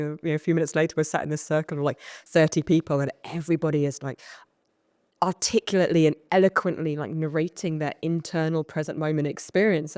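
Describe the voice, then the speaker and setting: This low-pitched woman from the United Kingdom, a coach guesting on a podcast, talks quickly as she recounts her past with candour and self-deprecating humour. She animatedly re-enacts old moments, and the studio sound is clean with no echo.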